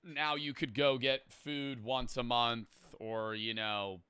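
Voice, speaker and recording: Young man, streamer, profane, rambling, bright voice, dry close sound. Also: mid-range voice, little pitch movement, slow, clear, resonant tone, no room sound. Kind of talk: casual reaction stream storytelling.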